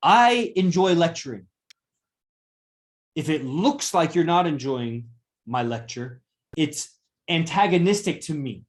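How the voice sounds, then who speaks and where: A man's voice: a little high, lively intonation, slow pace, pauses often. A man giving a live classroom lecture, confrontational and profane as he berates a student.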